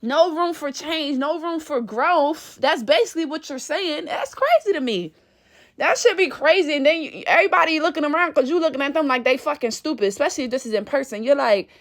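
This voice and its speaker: A woman's voice: high-pitched, lively intonation, fairly quick. A woman vlogger ranting to camera in a blunt, profane, exasperated way. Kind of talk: casual rant to camera.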